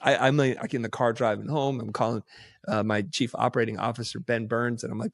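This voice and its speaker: Animated man telling stories, dry sound. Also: medium pitch, fast talker, creaky, no room sound. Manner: animated, acts out quoted dialogue. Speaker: podcast guest. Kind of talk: casual storytelling.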